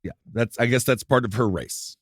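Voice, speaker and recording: A man's voice: mid-range voice, normal speed, no room sound, studio quality. A man co-hosting a comedy podcast, teasing his partner with wry asides and frequent laughs. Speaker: podcast co-host. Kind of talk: casual comedic banter.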